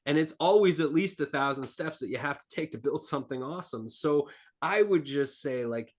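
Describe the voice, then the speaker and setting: A man's voice: fairly high pitch, lively intonation, a little fast. A man speaking as an entrepreneur guest on a podcast, earnest and rambling, with lots of filler words. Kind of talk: casual interview talk.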